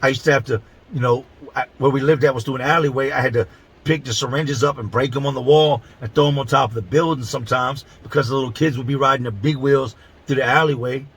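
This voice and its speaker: A man's voice: mid-range voice, steady tone, fast, fairly bright tone, slightly rough, low-quality recording. A middle-aged man from Philadelphia telling a prison story in blunt, profane street talk, stretching words for emphasis. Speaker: channel host telling prison stories. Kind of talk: casual storytelling to camera.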